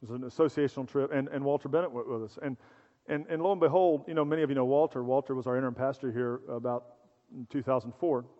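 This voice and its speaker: A man's voice: medium pitch, fairly even intonation, fast talker. A middle-aged male pastor preaching a sermon in a conversational, storytelling way, with humor and acted-out voices. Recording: dull sound in a reverberant hall.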